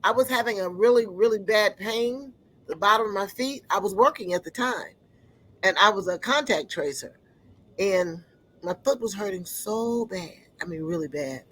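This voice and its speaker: A woman giving an earnest personal testimony, often pausing to search for words. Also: medium pitch, lively intonation, fairly bright tone, rough recording.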